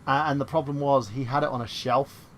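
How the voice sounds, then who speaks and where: A man's voice: mid-range voice, fairly even intonation, brisk, a bit bright, slight background noise. A man co-hosting a casual podcast chat who rambles, stammers and reads chat comments aloud. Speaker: podcast co-host.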